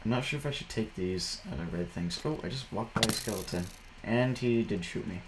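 A man's voice: on the low side, fairly quick, background noise. Rambling young man narrating a game. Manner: jumpy, rambling, shrieks when startled. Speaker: gameplay commentator. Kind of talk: casual gameplay commentary.

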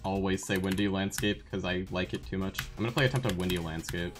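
Very low-voiced excitable woman streamer. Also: fast talker, over music. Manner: excitable, scolds herself, yells when she fails. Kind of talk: live-stream gameplay commentary.

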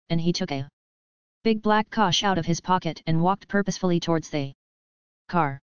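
Smooth-voiced audiobook storyteller. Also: mid-range voice, normal speed, pauses often, no room sound. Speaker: audiobook narrator. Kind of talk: scripted storybook narration. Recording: dull, dry sound.

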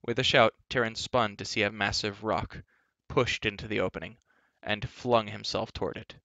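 A man reads a children's novel aloud in a lowish, gravelly voice with a bright edge. His delivery is animated and varied, and the recording is dry and dull. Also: normal speed, no echo. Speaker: storyteller.

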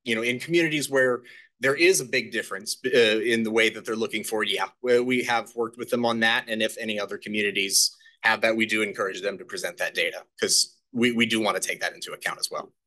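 A man's voice: fairly low pitch, steady tone, quick pace, pushed and bright. A man presenting data at a public committee meeting, talking with many fillers and restarts. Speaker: staff presenter.

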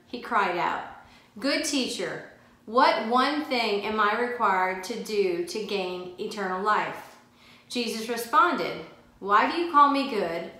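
A woman's voice: on the high side, bright, forceful tone. A woman teaching a Bible study, reading scripture aloud and stressing key phrases with emphatic repetition. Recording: very echoey room.

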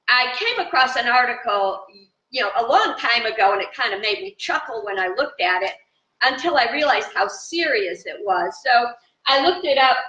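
A woman giving an informal live spiritual talk to viewers from her home in the country, chatty and animated, with fillers. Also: high voice. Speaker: spiritual teacher. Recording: dull, roomy sound from a distant mic.

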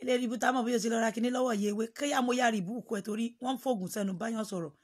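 A woman with a husky, fairly high voice talks rapid-fire with fairly even intonation while hosting a casual livestream on her phone. She tells stories dramatically, breaking into sudden exclamations and switching between Yoruba and English.

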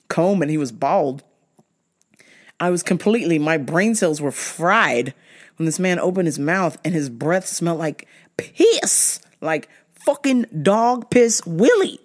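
An animated woman host telling comic stories in a profane, exasperated voice. Her pitch swings widely, and her tone stays sharp with disbelief. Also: measured pace. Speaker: podcast host. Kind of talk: comic storytelling.

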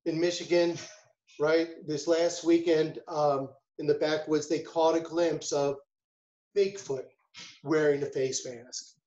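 A man's voice: on the high side, steady tone, slow, dark tone, roomy sound, highs cut off. A man, a food safety chef, giving a casual webinar talk, chatty and full of rhetorical questions and storytelling asides.

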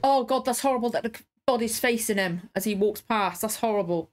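A woman's voice: fairly high pitch, fairly quick. A woman reacting to a TV drama in casual commentary, emotional and swearing freely as she pleads with the characters. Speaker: TV show reactor.

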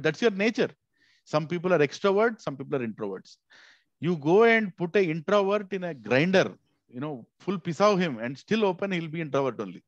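A man's voice: medium pitch, dry recording, dull audio. A man with an Indian English accent, teaching a devotional scripture class in a conversational way and leading the group in recitation. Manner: conversational, leads call-and-response recitation.

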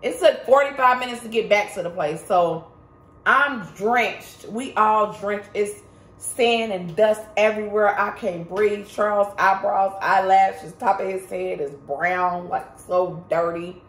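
A woman's voice: medium pitch, a little slow, fairly bright tone. Chatty woman vlogger in an echoey room. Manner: emphatic, chatty, addresses viewers directly. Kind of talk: casual storytime vlog. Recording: roomy echo.

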